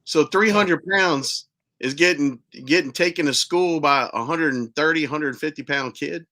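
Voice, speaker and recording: A man's voice: on the high side, unhurried, sharp tone. A man hosting a podcast in casual chat, chiming in with short remarks and questions. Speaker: podcast host.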